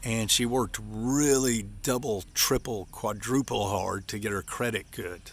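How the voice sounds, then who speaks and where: A man in his fifties from Appalachia, ranting to the camera as a vlogger in an aggravated, folksy, repetitive way with sudden high exclamations. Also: fairly even intonation, measured pace.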